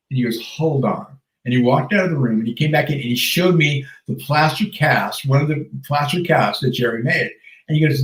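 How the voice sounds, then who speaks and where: A man in his fifties, a podcast guest, telling stories in an animated casual way and laughing often. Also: mid-range voice, fairly quick, recorded from a distance. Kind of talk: casual storytelling chat. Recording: roomy sound, off the mic.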